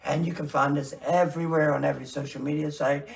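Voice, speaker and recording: A man's voice: on the high side, steady tone, fast, creaky, far from the mic. A man co-hosting a podcast, chatting loosely with plenty of swearing. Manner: loose, profane banter. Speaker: podcast co-host. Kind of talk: casual podcast chat.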